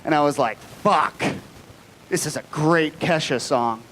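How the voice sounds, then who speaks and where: A man in his late twenties performing a profane stand-up comedy set on a live stage, dropping to low mutters and then shouting the punchlines. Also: normal speed, a little hiss or hum. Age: 20s.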